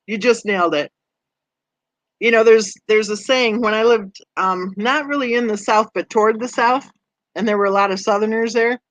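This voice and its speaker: A woman hosting a true crime channel, chatting with viewers and reading their comments, conversational and quick to laugh. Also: mid-range voice, no echo. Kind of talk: livestream chat reading comments.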